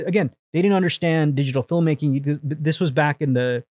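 A man telling stories as a podcast guest, animated and profane, acting out the people he quotes. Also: fairly high pitch, fairly quick, dry recording. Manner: animated, swears freely, acts out quotes. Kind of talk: casual storytelling.

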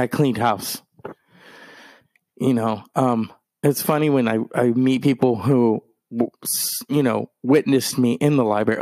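Guy hosting his own podcast, chatty rambling stories, mid pitch, dry close sound. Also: gravelly, a little mellow, dry recording. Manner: rambling anecdotal storytelling. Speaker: podcast host. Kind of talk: casual monologue.

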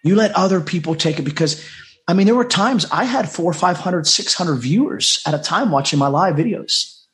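A middle-aged man from the United States tells his story earnestly as a podcast guest. His voice sits somewhat high for a man, and he circles back on his words and acts out quoted dialogue. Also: lively intonation, normal speed, fairly bright tone. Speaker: podcast guest, life coach.

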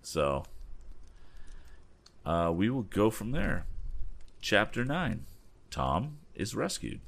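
A man reading a story aloud with relaxed, chatty asides. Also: vocal fry. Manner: voices the boys' lines with raised pitch. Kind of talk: casual read-aloud narration with asides.

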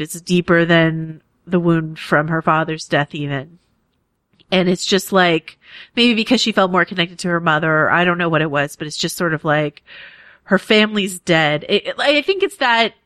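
A woman's voice: on the low side, a bit bright, dry recording. Chatty woman recapping a TV episode. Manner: enthusiastic, fan-style with many fillers. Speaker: podcast co-host. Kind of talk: casual TV recap chat.

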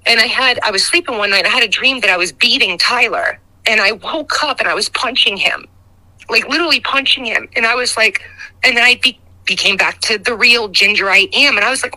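A middle-aged woman giving a raw, emotional personal testimony as a guest, halting and recounting painful memories. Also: on the high side, bright, forceful tone, poor audio.

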